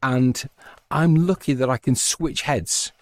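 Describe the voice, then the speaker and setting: A man's voice: mid-range voice, slow, no room sound, clean studio sound. A man who narrates audiobooks, chatting as an interview guest and explaining his work at length. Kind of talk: casual interview chat.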